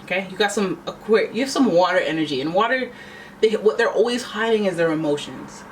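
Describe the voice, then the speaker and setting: A woman's voice: a little fast, a little hiss or hum. A woman giving a casual tarot reading to camera, chatty and playful, often jumping into asides and making her voice jump up on exclamations. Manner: animated, pitch often jumps up on exclamations. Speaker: tarot reader.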